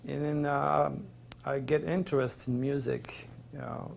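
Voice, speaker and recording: A middle-aged Frenchman with a French accent speaks in a rough, gravelly voice at a middle pitch. He tells his personal story in an earnest, rambling, emotional way. A faint hiss of noise sits under his voice. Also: little pitch movement, unhurried. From Provence, France. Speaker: interview guest.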